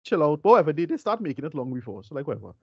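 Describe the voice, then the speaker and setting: A fast-talking man co-hosting a podcast film review, blunt and dismissive, with a lively pitch that swings up and down. His voice is slightly higher than most men's. It comes through dry and a little dull. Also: husky, dry recording. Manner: blunt, dismissive, uses "like, look" and "whatever". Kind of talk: casual podcast chat.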